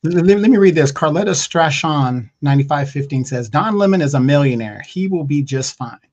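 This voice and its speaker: Man co-host, a bit high-pitched, earnest, halting. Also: expressive, darkish tone, highs cut off. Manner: earnest, explanatory, halting starts. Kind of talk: casual live-stream chat.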